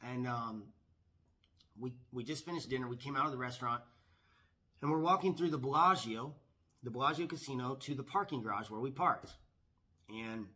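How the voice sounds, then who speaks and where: Bright-voiced emphatic male vlogger. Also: mid-range voice. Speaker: professional gambler vlogger. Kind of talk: storytime vlog.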